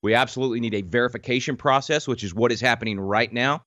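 A man's voice: medium pitch, fast, a bit bright, no echo, dull audio. A man appearing as a guest on a talk show, speaking in an earnest, emphatic way. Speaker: guest commentator. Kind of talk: remote talk show interview.

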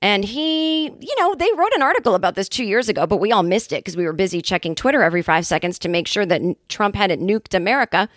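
A woman in her fifties from the Boston area, hosting a comedy podcast in a casual, profane, animated monologue. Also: mid-range voice, quick pace, hardly any pauses, no room sound, studio quality. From New England, Boston area. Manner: animated, profane, jokey asides. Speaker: podcast host and stand-up comedian.

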